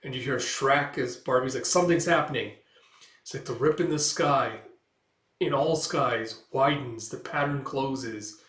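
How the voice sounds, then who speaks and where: A man's voice: mid-range voice, a little slow, fairly bright tone, reverberant. A man reading through a comic book aloud in a casual, loose way, paraphrasing the dialogue with fillers.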